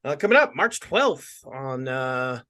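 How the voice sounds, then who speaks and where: A man's voice: mid-range voice, very animated, slow, sharp tone, no echo. A man co-hosting a podcast, chatting casually and joking with many fillers. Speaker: podcast co-host.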